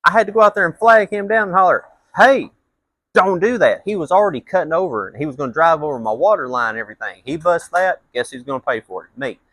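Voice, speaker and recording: A man's voice: on the high side, expressive, quick pace, hardly any pauses, a bit bright, no room sound. A man telling a blunt, profane story as a rant, his voice jumping up into heated outbursts. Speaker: vlogger.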